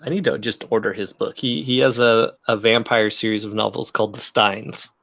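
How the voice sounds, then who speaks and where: Laughing, animated man telling stories. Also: lowish voice, moderate pace, creaky. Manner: animated storyteller, laughs often, acts out quotes. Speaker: comic book creator and co-host. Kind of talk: casual chat.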